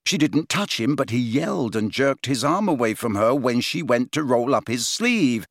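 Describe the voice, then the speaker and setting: A man's voice: mid-range voice, lively intonation, normal speed, dry recording, clean studio sound. A man voicing a stubborn teenage boy insisting on his suspicions. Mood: insistent.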